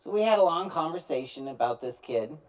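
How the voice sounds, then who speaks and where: A man telling stories to an audience, acting out both sides of phone calls in an animated way. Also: fairly high pitch, a little fast. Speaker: speaker telling his story. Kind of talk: storytelling talk to an audience. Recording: distant, dull lo-fi recording.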